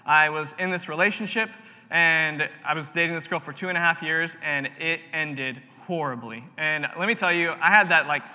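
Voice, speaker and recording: A man's voice: fairly high pitch, bright, forceful tone. A young man preaching a sermon in a hall, talking earnestly and telling a personal story with repeated phrases. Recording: long reverb of a large room.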